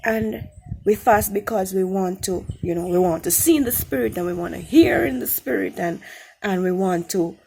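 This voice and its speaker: A woman's voice: medium pitch, animated, normal speed, gravelly, a little mellow, a little hiss or hum. A woman giving an earnest spoken Christian testimony, repeating phrases for emphasis. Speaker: testimony speaker.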